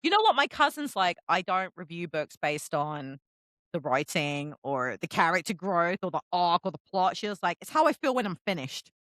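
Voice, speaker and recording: A woman co-hosting a book podcast in casual chat, who swears freely and acts out quotes with big jumps in pitch. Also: sing-song, normal speed, fairly bright tone, no room sound. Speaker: podcast co-host.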